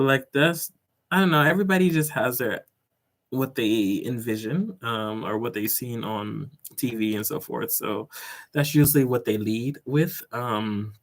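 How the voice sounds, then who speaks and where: A young man, a teacher working abroad, telling stories in a casual vlog, rambling and filling his talk with "like" and "um", with chuckles along the way. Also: lowish voice. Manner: rambling, filler-heavy, full of "like" and "um".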